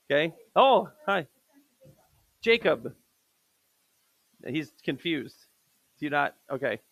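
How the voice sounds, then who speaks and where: A man's voice: on the high side, sing-song, takes it slowly, vocal fry, long pauses, a bit bright, no echo, lo-fi sound. A male math teacher lecturing a live class, counting steps aloud, quizzing students and correcting himself on the fly.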